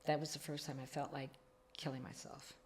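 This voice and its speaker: Middle-aged woman, low voice, earnest podcast storytelling. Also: level tone, brisk, a little mellow, a little hiss or hum. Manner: earnest storytelling, acting out quoted dialogue. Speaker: guest. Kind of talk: personal recovery story in a podcast interview.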